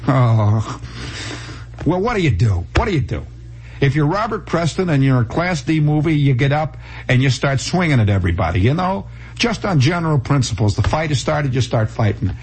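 Brief: man, comic storyteller, lively swooping delivery, husky, old radio tape. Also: fairly high pitch, a little fast, poor audio. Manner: animated, breathless storytelling with voiced characters.

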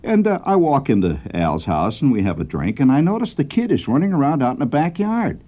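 A male radio humorist telling a comic story in a conspiratorial, animated way, on a muffled old radio broadcast. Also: medium pitch, fairly quick.

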